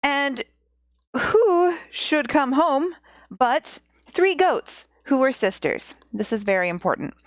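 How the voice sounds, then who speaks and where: A woman's voice: sits high, animated, slow, no room sound, studio quality. A woman hosting a podcast, casually retelling a fairy tale with playful, giggly asides. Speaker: podcast host and storyteller. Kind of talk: casual storytelling. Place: home. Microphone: podcast microphone.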